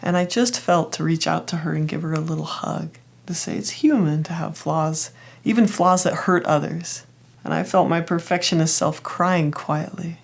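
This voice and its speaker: A woman hosting a self-help lesson, telling a personal example in a gentle, encouraging way. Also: deep voice, normal speed, gravelly. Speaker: therapist host.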